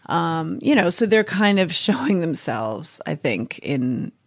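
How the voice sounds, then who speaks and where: Teasing woman with a lowish voice. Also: measured pace, no echo, studio quality. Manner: laughing, teasing, animated storytelling. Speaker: guest partner. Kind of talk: casual chat.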